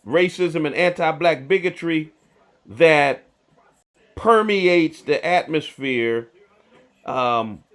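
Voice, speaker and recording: A man, a bishop hosting a livestream, talking slowly and emphatically, repeating firm denials and answering viewer comments. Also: fairly high pitch, a bit bright. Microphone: livestream to phone or computer.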